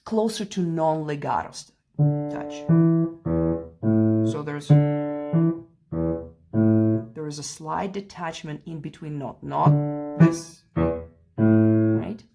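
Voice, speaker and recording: A woman's voice: sits low, expressive, slow pace, creaky, long pauses. A woman teaching a play-along piano lesson, patiently explaining phrasing and counting beats aloud, with light laughs now and then. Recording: piano heard faintly behind.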